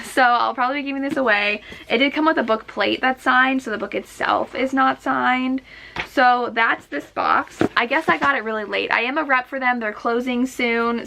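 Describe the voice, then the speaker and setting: A woman's voice: on the high side, creaky, sharp tone, a little hiss or hum. A young woman chatting casually in a book vlog, gushing and rambling with many fillers. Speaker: book vlogger.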